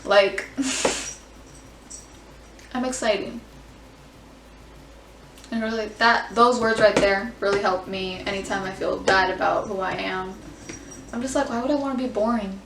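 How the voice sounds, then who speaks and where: A woman's voice: mid-range voice, a little slow, vocal fry, long pauses, a little hiss or hum. Candid young woman vlogging in a roomy space. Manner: expressive and candid, frequent swearing and "like". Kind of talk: casual reaction chat. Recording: roomy sound, mic at a distance.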